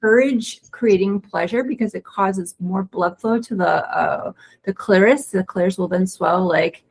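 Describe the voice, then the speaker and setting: Woman with a gravelly voice explaining pelvic health. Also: mid-range voice. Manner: fast, excited talker with frequent restarts. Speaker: pelvic floor physical therapist. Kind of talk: webinar presentation, casual explanation.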